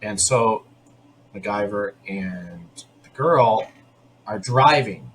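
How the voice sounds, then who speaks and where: A man hosting a podcast, recapping an episode in casual, opinionated chat full of quick restarts. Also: lowish voice, animated, fairly bright tone, a little hiss or hum. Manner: chatty and opinionated, talking in quick bursts with restarts. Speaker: podcast host.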